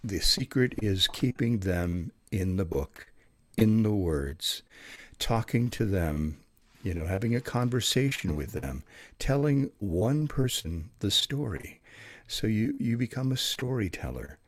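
A man who works as an audiobook narrator, talking in a relaxed, chatty interview manner with plenty of fillers. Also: lowish voice, unhurried. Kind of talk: casual interview talk.

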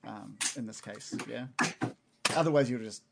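A man running a tabletop game as game master, relaxed, with lots of um and uh. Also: medium pitch, normal speed, vocal fry, very noisy. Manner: relaxed, many fillers, animated.

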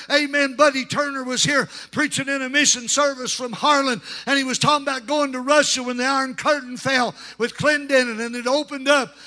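A man preaching a revival sermon in a church, shouting and telling stories with dramatic flair. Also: very high voice. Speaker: pastor. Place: church sanctuary.

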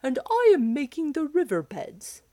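A woman voicing a huge male giant who makes river beds, booming and drawn out. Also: wildly swooping pitch, normal speed, dark tone, no room sound, clean studio sound.

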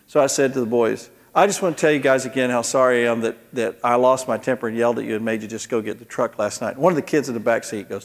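A man preaching as a pastor, telling folksy family stories in an animated way. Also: medium pitch, fast talker, few pauses, in a large hall. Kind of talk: sermon with storytelling.

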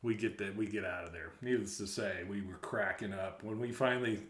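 A man telling a story in casual chat, animated, laughing often and acting out the shouted quotes. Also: fairly low pitch, a little fast. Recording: roomy echo.

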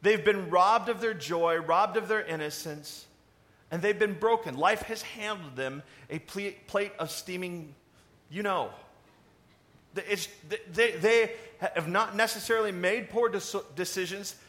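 A man preaching a sermon in a conversational, animated way, asking the congregation questions. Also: sits high, unhurried. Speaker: pastor.

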